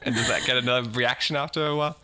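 A man's voice: medium pitch, steady tone, rapid-fire, bright, forceful tone. A man co-hosting a podcast in casual chat, asking dry, teasing questions. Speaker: podcast co-host.

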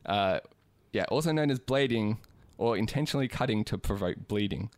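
A man's voice: on the low side, lively intonation, brisk, no room sound. Joking man co-hosting a casual chat. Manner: joking, self-deprecating storyteller. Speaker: podcast co-host.

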